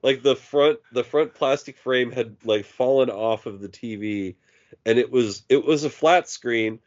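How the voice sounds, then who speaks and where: A man in a relaxed podcast chat who rambles through his stories, dropping "like" every few words and swearing freely. His voice sits at an ordinary middle pitch. The audio is a little dull and lo-fi. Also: measured pace. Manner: rambling storyteller, peppers speech with "like" and swearing. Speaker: podcast co-host. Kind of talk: casual chat.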